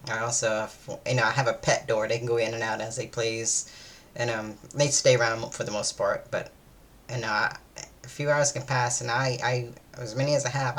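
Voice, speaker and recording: A tired woman, chatting casually in a vlog, meandering and hesitant, with many fillers and restarts. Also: extremely low pitch. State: weary, low-energy. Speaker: vlogger. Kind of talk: casual day-in-my-life chat.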